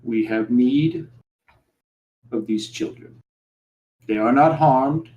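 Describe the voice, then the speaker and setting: A man voicing a haughty, menacing male drow nobleman who speaks low, quiet and superior. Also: slow, muffled recording, close to an everyday voice. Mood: cold, proud.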